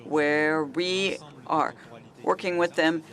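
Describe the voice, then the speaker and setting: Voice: medium pitch, fairly even intonation, slow pace, fairly bright tone. A panelist from a regional festival association speaking at a conference panel, hesitant, with many fillers and restarts.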